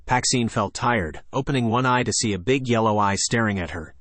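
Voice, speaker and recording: A man reading a story aloud as an audiobook narrator, in an even, unhurried way. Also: fairly low pitch, no room sound.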